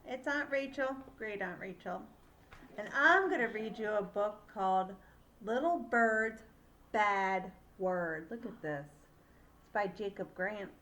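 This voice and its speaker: An older woman, a great-aunt, reading a picture book aloud to children in an animated, playful way, pausing to ask questions. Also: mid-range voice.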